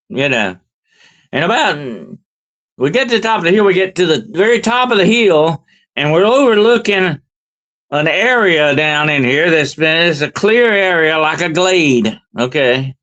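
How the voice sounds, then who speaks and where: A man's voice: a little high, a bit bright, low-quality recording. An older man, a paranormal investigator, tells a story in a rambling, conversational way and keeps checking in with "okay?" and "you know".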